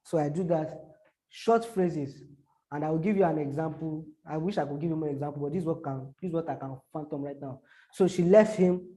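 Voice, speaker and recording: Explaining caption writing for social media to a small group, a man speaks in a warm, fairly high voice with fairly even intonation. His delivery is halting and repetitive, punctuated by spoken examples.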